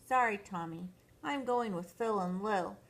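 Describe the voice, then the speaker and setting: A woman's voice: medium pitch, measured pace, creaky. Older woman doing a fretful little boy. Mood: sulky. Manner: wailing, worried.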